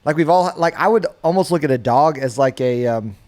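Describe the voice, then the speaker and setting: Persuasive man with dramatic pauses. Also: on the high side, a little mellow. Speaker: podcast co-host. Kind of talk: casual mock debate.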